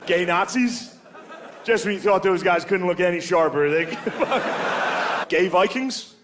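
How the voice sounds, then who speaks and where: A man doing a stand-up comedy set in a crude, casual, deadpan manner. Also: sits high, takes it slowly, noisy background.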